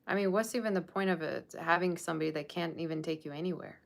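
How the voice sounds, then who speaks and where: A woman with a low voice and vocal fry talks fast in a casual tarot reading monologue. Of Persian Russian background, she chats with her viewers in a blunt, sassy way and scolds them about their standards.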